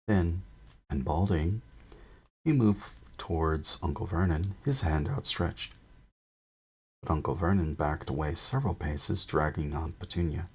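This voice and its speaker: A man reading a storybook aloud in a very low, husky voice. He goes slowly and measuredly, now and then stumbling and restarting a word. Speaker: audiobook narrator.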